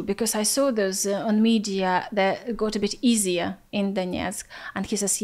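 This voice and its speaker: A woman from Ukraine with a Ukrainian accent, a podcast guest telling stories in an animated way, full of fillers and restarts. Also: medium pitch, moderate pace. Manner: animated storytelling, acts out quoted voices, many fillers and restarts. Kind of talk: casual podcast interview. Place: studio.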